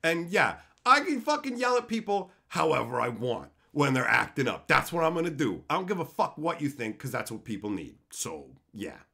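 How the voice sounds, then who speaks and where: High, animated, foul-mouthed Canadian man ranting. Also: moderate pace, creaky, few pauses, husky. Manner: profane, heated, ranting. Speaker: streamer chatting with viewers. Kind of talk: live-stream rant.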